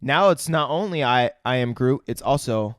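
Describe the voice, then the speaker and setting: A man's voice: mid-range voice, expressive, normal speed, no echo, studio quality. A man co-hosting a podcast, chatting casually about a movie with loose, profane, laughing banter. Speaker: podcast co-host. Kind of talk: casual movie review chat.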